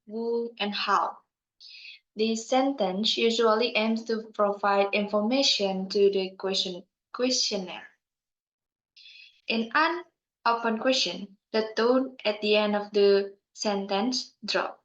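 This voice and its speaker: A young woman from Bali with an Indonesian accent, giving a careful, measured class presentation as a university student, with small slips and restarts. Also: medium pitch, a bit bright. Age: young adult. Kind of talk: scripted explanation. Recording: echoey room, dull lo-fi sound.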